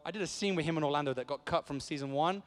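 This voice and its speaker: Animated, joking Englishman on a panel. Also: a little high, racing, big-room sound. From England. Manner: animated storyteller, jokey, acts out quotes. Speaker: panel guest. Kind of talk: casual convention panel Q&A.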